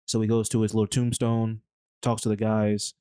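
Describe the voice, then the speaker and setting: Guy recapping a movie on his podcast, low mellow voice, rambly and slangy. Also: monotone, moderate pace, clear, resonant tone, no room sound. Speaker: podcast co-host.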